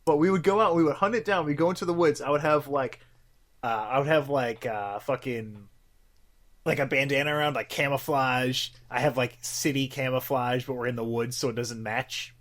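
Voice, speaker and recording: A young man co-hosts a podcast, rambling through casual chat full of fillers and swearing. His voice sits in the mid range, a little bright, at a normal speed.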